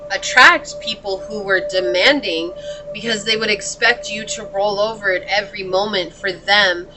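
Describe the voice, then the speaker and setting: A woman's voice: medium pitch, sharp tone, poor audio. Chatty woman giving a tarot reading. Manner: chatty, talks straight to the viewer, laughs often. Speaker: tarot reader. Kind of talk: casual tarot reading monologue.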